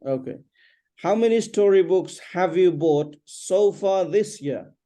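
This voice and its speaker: A woman's voice: on the low side, animated, a little slow, dark tone. A woman teaching an English lesson, patiently correcting pronunciation and having her student repeat sentences. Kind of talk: one-on-one language lesson.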